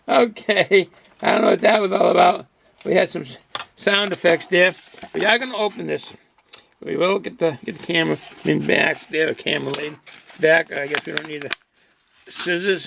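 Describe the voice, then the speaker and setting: A man's voice: sits high, steady tone, normal speed, gravelly, pushed and bright, no echo. An older man reviewing a beer and snack at home, reading a package blurb aloud and then chatting loosely while he chews. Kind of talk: casual home video review.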